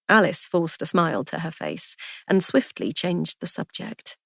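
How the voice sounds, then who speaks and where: A woman narrating a story aloud in an even, measured storytelling manner. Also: fairly low pitch, vocal fry, husky, no room sound, clean studio sound. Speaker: audiobook narrator.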